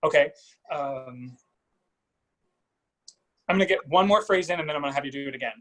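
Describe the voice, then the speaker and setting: A man's voice: on the high side, a little fast, fairly bright tone, low-quality recording. Man coaching singing over video call. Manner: coaching, sings short phrases to demonstrate. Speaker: vocal coach.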